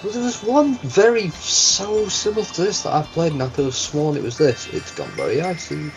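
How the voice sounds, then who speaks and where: A man's voice: a little high, moderate pace, low-quality recording. A man giving let's-play commentary on a game, exclaiming and yelping as things happen. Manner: excitable, yelps and exclaims at game events. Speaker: gaming channel host. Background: game music.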